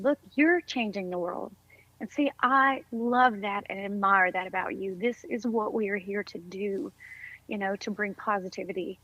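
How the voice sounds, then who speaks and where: A woman's voice: mid-range voice, bright, forceful tone, no room sound, muffled recording. A woman speaking as a podcast guest in casual conversation, upbeat, encouraging and effusive.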